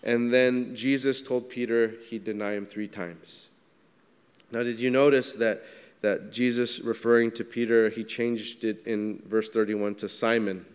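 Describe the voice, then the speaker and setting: Man preaching a relaxed sermon in a hall. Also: lowish voice, unhurried, clean tone. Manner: conversational, asks the congregation questions. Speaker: pastor.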